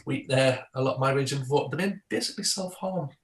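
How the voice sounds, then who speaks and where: A man's voice: mid-range voice, fast talker. A man with a Geordie accent, a guest comedian chatting casually, rambling and laughing between phrases. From Newcastle, England. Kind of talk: casual chat.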